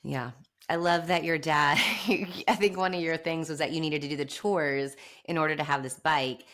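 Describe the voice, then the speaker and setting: A woman's voice: sits low, fairly even intonation, moderate pace, fairly bright tone. A woman hosting a podcast interview, talking in an easy conversational way with ready laughter. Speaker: podcast host.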